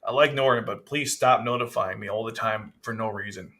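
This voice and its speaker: Bright-voiced man rambling through a manga review. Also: lowish voice, fairly quick, slight background noise. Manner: rambling with frequent restarts. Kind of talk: casual commentary.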